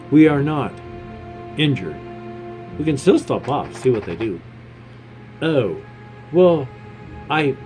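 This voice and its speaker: A man in his fifties talks through his gameplay in a sarcastic, self-deprecating ramble. He speaks at a slow, unhurried pace and a middling pitch. Music plays clearly underneath him. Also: mellow. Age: 50s. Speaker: gamer. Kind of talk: gameplay commentary.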